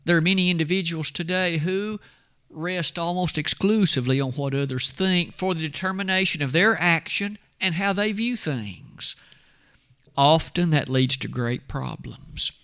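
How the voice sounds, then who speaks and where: A man delivering an expository sermon with a bright, forceful voice pitched a little high for a man. He reads scripture in measured tones and drops lower and slower on quoted lines. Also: clear, resonant tone. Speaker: preacher.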